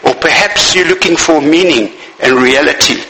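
A man preaching a sermon in a church, his voice bright and forceful and pitched slightly high. He repeats his key phrases and puts questions straight to the listeners. The sound carries a long, echoing reverb. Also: moderate pace, slight background noise.

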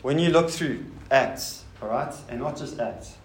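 A man's voice: medium pitch, measured pace. A man preaching a sermon to a congregation. He asks rhetorical questions and makes casual asides to the listeners. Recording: roomy hall sound with faint noise.

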